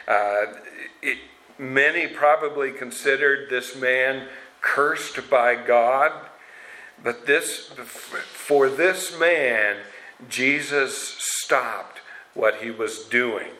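Slow, earnest man preaching. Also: medium pitch, bright, forceful tone, rough recording. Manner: slow, earnest storytelling with asides. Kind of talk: sermon.

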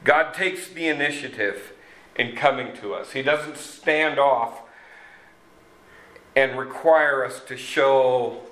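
A man preaching a sermon, slow and halting with many fillers and restarts. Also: medium pitch, a bit bright, roomy sound, rough recording. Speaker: pastor.

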